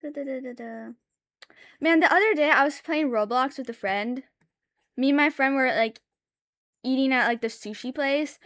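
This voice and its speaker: A woman's voice: high-pitched, normal speed, long pauses, a bit bright, no echo, clean studio sound. A young woman streamer chatting casually while she draws, swearing often and rambling through stories with lots of filler words. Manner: laughs between sentences. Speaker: streamer drawing live. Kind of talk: casual chat.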